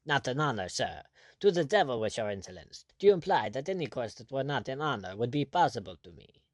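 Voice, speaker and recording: A man's voice: mid-range voice, big pitch swings, a little fast, no echo, close to an everyday voice. A man doing an imperious, bullying French general. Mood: indignant. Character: haughty, irate male French general, imperious.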